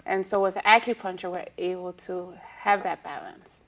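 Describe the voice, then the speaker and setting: A woman who is a licensed acupuncturist, a guest on a TV talk show, calmly explaining her practice. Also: lowish voice, normal speed, vocal fry. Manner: calm, explanatory, with frequent "um" and "you know". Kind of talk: explaining in an interview.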